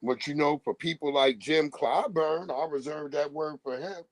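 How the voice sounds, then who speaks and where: Loud, profane man ranting on a livestream. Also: a little high, normal speed, no echo. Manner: profane, animated, laughs often, mocking. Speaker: livestream commentator. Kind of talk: casual live-stream rant.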